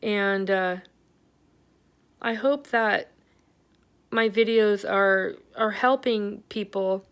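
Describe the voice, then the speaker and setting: A woman's voice: medium pitch, fairly even intonation, very slow, long pauses, clear, resonant tone. A middle-aged woman giving a candid, rambling health update on her vlog, venting with lots of fillers. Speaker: vlogger.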